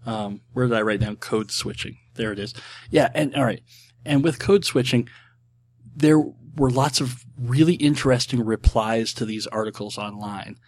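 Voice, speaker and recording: A man from Texas hosting a podcast, talking in a loose, rambling way with plenty of ums and quick self-deprecating jokes. His voice sits at an ordinary middle pitch for a man. It sounds like a relaxed solo chat into a desk microphone. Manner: chatty, self-deprecating, with frequent ums and asides. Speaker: podcast host answering listener questions. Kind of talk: casual rambling monologue.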